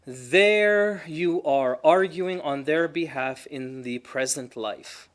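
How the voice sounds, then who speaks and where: A man teaching a Quran class in a conversational way, telling stories with animated quoted voices and reciting Arabic verses quickly. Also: on the high side. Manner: animated storytelling, acting out quoted spouses.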